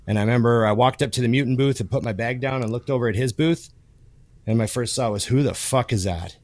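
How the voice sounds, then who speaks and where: A man's voice: mid-range voice, fast talker, no room sound. A man co-hosting a podcast, telling stories in casual chat with plenty of cursing. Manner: profane, animated storyteller. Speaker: podcast co-host.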